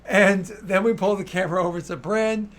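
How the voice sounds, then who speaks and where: A man narrating as game master in a tabletop game, animated and full of fillers. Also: high-pitched, normal speed.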